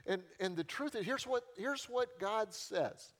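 A man's voice: high voice, lively intonation, measured pace, fairly bright tone. A male pastor preaching a sermon in a conversational, storytelling way, with self-deprecating humor and key phrases repeated for emphasis.

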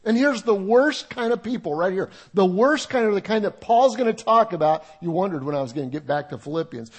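Older preacher with a high voice. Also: male voice, expressive, a little fast, husky. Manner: conversational, humorous preaching with audience asides. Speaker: pastor. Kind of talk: sermon. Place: church sanctuary with congregation.

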